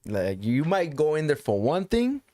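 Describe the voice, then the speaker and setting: A man's voice: fairly high pitch, huge pitch swings, normal speed, mellow, dry recording. A man telling a personal story in casual conversation, loose and profane, repeating phrases for emphasis.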